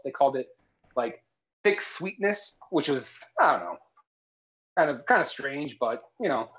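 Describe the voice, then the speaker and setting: A man co-hosting a jokey live cooking stream, explaining absurd facts in a mock-authoritative tone and tagging lines with "all right?". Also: medium pitch. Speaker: cooking show co-host. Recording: slightly dull lo-fi stream audio.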